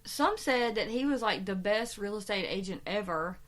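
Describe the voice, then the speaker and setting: Woman, true-crime podcast co-host, animated and profane, casual storytelling. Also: mid-range voice. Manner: animated, swears freely, quick rambling retelling.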